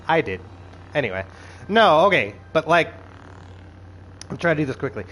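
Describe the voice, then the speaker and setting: A man's voice: fairly high pitch, moderate pace, long pauses, slight background noise, low-quality recording. A man giving a casual, profane recap commentary, ranting with exasperated energy and acting out quoted lines. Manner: animated, profane, exasperated rants with quoted asides. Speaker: show reviewer.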